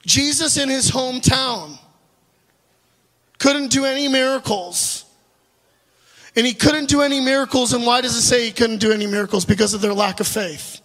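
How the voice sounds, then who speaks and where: A man preaching a storytelling sermon, animated and laughing at his own asides, addressing the congregation directly. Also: extremely high pitch, normal speed, long pauses. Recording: live sermon with long hall reverb.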